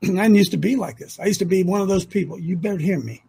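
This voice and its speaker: A middle-aged man holds forth as host of a ministry talk show, his husky voice sitting fairly high. He hammers his points with repetition and climbs to near-shouts when he gets worked up. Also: fast talker. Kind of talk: impassioned conversational storytelling.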